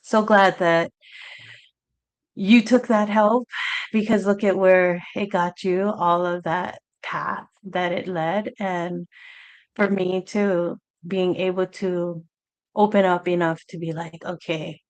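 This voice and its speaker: A woman's voice: lowish voice, steady tone, slow. A woman co-hosting a live talk show, affirming her guest and reflecting on her own experience.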